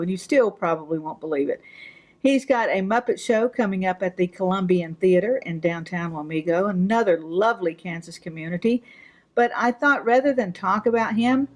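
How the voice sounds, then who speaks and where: A woman's voice: mid-range voice, a little mellow. A woman TV host giving an upbeat, scripted introduction to a segment. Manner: upbeat, enthusiastic.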